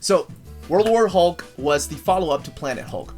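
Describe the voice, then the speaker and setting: Man, high-pitched, animated profane storyteller, casual podcast co-host. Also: normal speed, faint music behind. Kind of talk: casual comic-book podcast chat.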